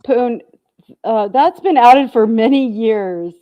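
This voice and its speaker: A woman's voice: fairly high pitch, slow, muffled recording. A woman co-hosting a casual livestream chat, telling gossipy stories and giggling often.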